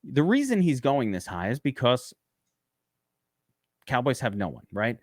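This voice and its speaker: A man co-hosting a fantasy football podcast, talking in emphatic, animated, rapid-fire casual banter. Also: mid-range voice, no echo, clean studio sound.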